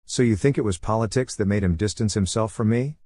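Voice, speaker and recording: A man voicing an earnest teenage ninja girl who asks questions in a quiet manner. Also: on the low side, fairly quick, no echo, lightly acted. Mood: questioning.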